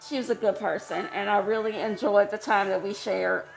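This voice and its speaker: A woman telling a casual personal story, chatty and quick to laugh, her voice jumping high when she gets excited. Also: creaky, faint music behind. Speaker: vlogger. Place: homeless shelter.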